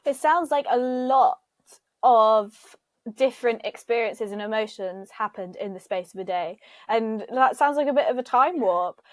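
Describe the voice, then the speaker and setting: A woman's voice: fairly high pitch, normal speed, no room sound. A woman hosting a podcast, reflecting back on a guest's story, playfully appreciative. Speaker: podcast host. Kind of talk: reflective conversation.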